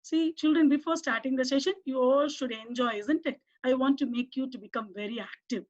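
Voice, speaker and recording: A woman's voice: high-pitched, fairly quick, darkish tone. A woman teacher with an Indian English accent giving a lesson to young children, coaxing them with questions and asking them to repeat words. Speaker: primary school English teacher. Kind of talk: online class lesson for children. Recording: dull lo-fi recording.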